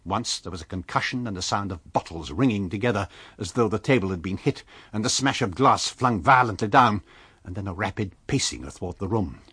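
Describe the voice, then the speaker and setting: Husky-voiced male audiobook narrator. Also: on the low side, fairly bright tone, no echo. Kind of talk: scripted narration of a classic novel.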